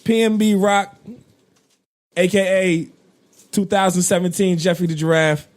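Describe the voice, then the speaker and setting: A man co-hosting a podcast, ranting in a profane, animated way with bursts of laughter. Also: high voice, measured pace, slight background noise. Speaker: podcast co-host. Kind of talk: casual podcast rant.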